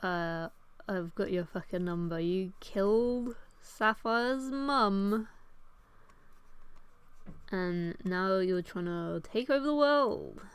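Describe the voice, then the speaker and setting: A woman's voice: mid-range voice, slow pace, smooth. Amy Rose, a cocky taunting hedgehog girl, as a woman puts her on. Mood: smug taunting. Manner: swearing, scornful taunting. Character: cocky mind-reading hedgehog girl, brash and mocking.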